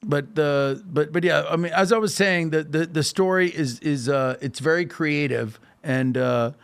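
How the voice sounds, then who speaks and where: A man's voice: a little high, measured pace, vocal fry, clear, resonant tone. A man speaking as a podcast guest, telling a story with emphasis, often checking in with "okay?" and restarting with fillers. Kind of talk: animated casual talk.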